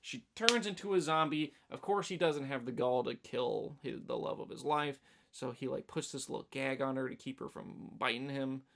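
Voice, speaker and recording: A man co-hosting a podcast, casually recapping a film in a rambling, animated way with lots of fillers. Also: mid-range voice, moderate pace, creaky. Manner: rambling, animated storytelling with many fillers and acted-out quotes. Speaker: podcast co-host.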